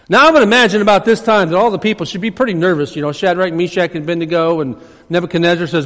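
A man preaching a sermon as pastor, swinging between emphatic preaching and hushed asides. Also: sits high, fast. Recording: long reverb of a large hall.

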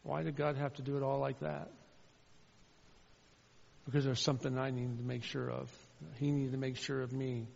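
A man preaching a sermon as a pastor, shifting from loud fervent calls to quiet personal storytelling. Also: medium pitch, little pitch movement, moderate pace, creaky, pauses often. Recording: dull sound with long hall reverb.

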